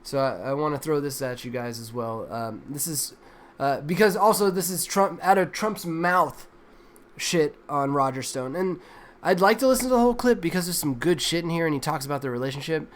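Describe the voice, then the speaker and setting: A man's voice: a little high, animated, brisk. A man hosting a livestream, reacting to news clips with crude, exasperated, rambling commentary full of swearing. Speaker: livestream host.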